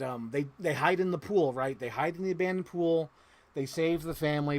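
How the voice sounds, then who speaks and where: A man with a slightly high voice recaps a movie casually on a livestream. He talks excitably, curses often and openly gets emotional about the story.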